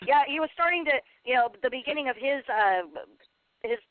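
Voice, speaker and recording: A man's voice: very high-pitched, lively intonation, a little fast. A man hosting a radio talk show, reading history items and laughing often, with hesitant fillers. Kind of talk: casual comedic radio chat. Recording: dry, tinny phone-like radio sound.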